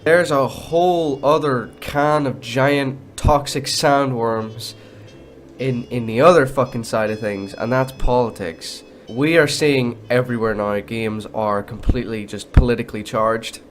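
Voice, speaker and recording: A man's voice: mid-range voice, a little slow, faint music behind. A man delivering a heated, profane rant as a gaming commentator, talking alone in a ranting monologue.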